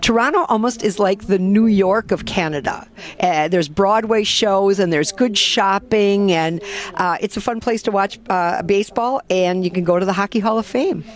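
A woman's voice: medium pitch, moderate pace. A woman, a travel advisor chatting casually and upbeat as a guest on a radio show. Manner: chatty, upbeat, laughs easily.

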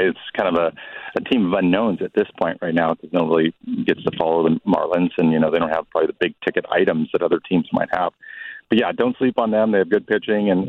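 A man's voice: deep voice, no echo. A man giving baseball analysis on a radio show in a laid-back, conversational way. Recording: phone-line call-in.

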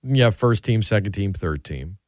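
A man's voice: fairly low pitch, animated, moderate pace, a little mellow, no room sound, studio quality. A man hosting a sports radio show, talking casually and chattily with frequent restarts and asides.

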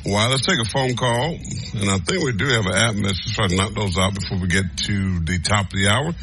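Easygoing low-voiced sports radio host man. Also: brisk, over music. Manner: easygoing, laughing, friendly. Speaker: sports radio host, former football player. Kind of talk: radio call-in hosting.

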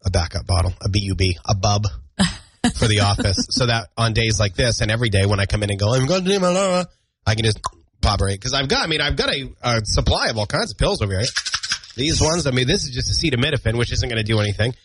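Chatty radio host with a husky voice. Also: male voice, on the low side, quick pace, dry recording. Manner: chatty, self-deprecating, animated storytelling. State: congested from allergies, clearing throat. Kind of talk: casual on-air banter. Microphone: studio broadcast mic.

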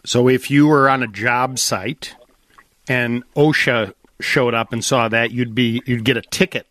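A man's voice: medium pitch, fairly even intonation, unhurried, a bit bright, dry recording. A man hosting a call-in radio show, upbeat and folksy, explaining things plainly. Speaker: radio host.

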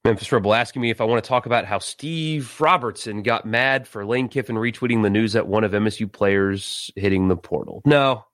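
A man from South Carolina, hosting a casual live sports talk stream, animated and exasperated. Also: lowish voice, brisk, hardly any pauses, no echo, clean studio sound. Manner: animated, exasperated, laughs and sighs.

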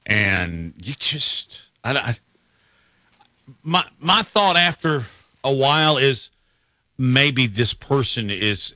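A man hosts a casual sports talk show in a folksy, opinionated way, laughing easily. His voice is bright and forward. The sound is dry and close to the mic. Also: on the low side, no room sound. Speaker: sports radio host.

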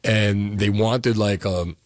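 A man's voice: fairly low pitch, steady tone, slow pace, no echo, clean studio sound. A middle-aged man with a New Jersey accent, a radio host telling stories in a casual, chatty way with many fillers.

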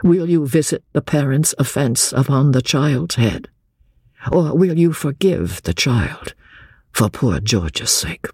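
Man reading as earnest young officer, patient, slow, husky. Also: medium pitch, no echo, clean studio sound, heavily acted. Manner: steady, grave, patient.

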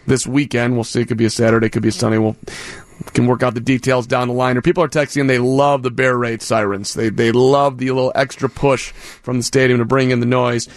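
A man hosting a sports radio show, brisk and upbeat as he moves between segments. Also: medium pitch, flat delivery, dry recording. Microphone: studio microphone.

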